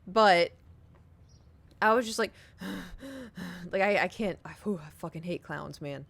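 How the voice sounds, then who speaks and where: Chatting with her viewers, a young woman streamer shares a story in an animated, giggly way, dropping casual swears. She speaks slowly in a low, creaky, slightly rough voice.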